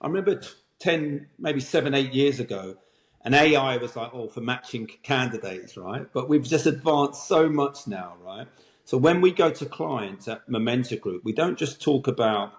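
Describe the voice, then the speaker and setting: Man, podcast guest, emphatic, keeps tagging "right?", mid-pitched voice, echoey room. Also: animated, moderate pace. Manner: emphatic, often ending points with a tag question. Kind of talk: conversational interview talk.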